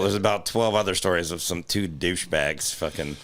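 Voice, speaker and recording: A man with a fairly low voice rambles through a story in casual podcast chat, swearing freely along the way. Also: brisk, fairly bright tone. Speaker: podcast co-host.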